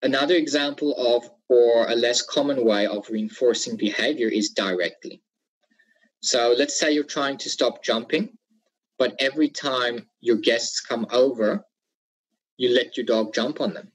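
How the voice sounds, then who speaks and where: A man's voice: medium pitch, slightly rough, low-quality recording. A man giving a dog training webinar, instructive and repeating his key points. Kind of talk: webinar lecture.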